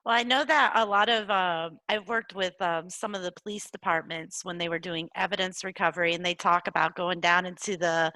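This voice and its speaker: A woman's voice: lowish voice, fairly even intonation, fairly quick, hardly any pauses, sharp tone, no room sound. A woman hosting a live-streamed interview, asking questions and reading out viewer names. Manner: friendly, reads out viewer names, uses "um". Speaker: host.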